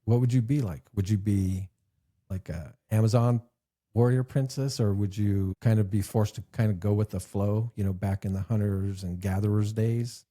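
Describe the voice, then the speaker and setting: A man's voice: fairly low pitch, fairly even intonation, moderate pace, warm tone. A man co-hosting a podcast, telling a rambling joke and leading casual chat. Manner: rambling storyteller, laughs at own jokes. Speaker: podcast co-host.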